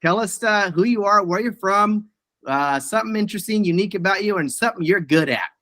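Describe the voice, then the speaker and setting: Upbeat male host with a bright voice, heavy on praise. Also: sits high, expressive, brisk, dry recording. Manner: upbeat, effusive praise, says awesome often. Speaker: meeting host. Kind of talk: hosting a team video meeting.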